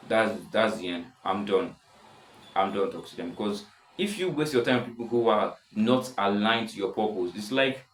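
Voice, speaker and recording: A seventeen-year-old boy with a deep voice, rambling casually in a self-improvement vlog, full of restarts. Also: echoey room, low-quality recording. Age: teens. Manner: rambling, many restarts and "stuff like that". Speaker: vlogger.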